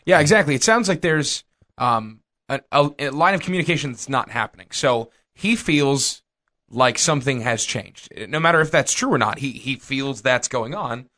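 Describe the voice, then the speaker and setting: A man's voice: mid-range voice, animated, normal speed, sharp tone. A man co-hosting a casual podcast, giving advice thoughtfully and joking about himself. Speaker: podcast co-host.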